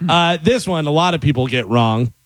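A man with a somewhat high voice leads the conversation, reading items aloud and laughing along. The recording is close and dry. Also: animated, moderate pace, no echo. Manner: chatty, reads items aloud, laughs often. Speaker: host. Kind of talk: casual chat.

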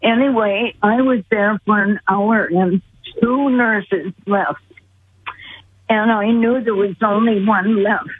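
A woman's voice: mid-range voice, steady tone, slow pace, husky. A woman earnestly retelling a personal story as a guest, calling in by phone. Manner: earnest, vivid retelling with quoted voices. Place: phone call. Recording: tinny phone line.

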